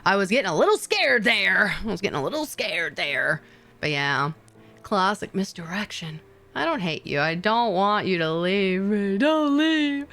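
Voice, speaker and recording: A woman's voice: fairly low pitch, bright, forceful tone. A young adult woman chatting casually with her stream viewers, playful and teasing, swearing and laughing often. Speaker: VTuber streamer.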